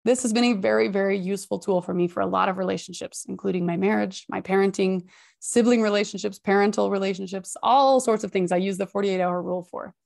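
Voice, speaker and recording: A woman hosting a healthy-habits podcast, giving expressive, high-energy motivational advice with emphatic repetition. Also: fast talker, gravelly. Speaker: podcast host and habits coach. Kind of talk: motivational self-help talk.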